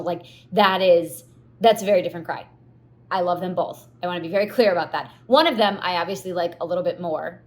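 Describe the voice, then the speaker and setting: A young woman hosts a podcast in a candid, confessional monologue. Her voice sits a bit low for a woman. She tells stories expressively and with animation. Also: fairly bright tone. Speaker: podcast host.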